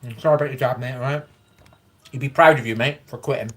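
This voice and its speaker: A man's voice: mid-range voice, quick pace. A man chatting casually on a livestream, answering viewer comments in a rambling, frank way, swearing freely and encouraging his viewers.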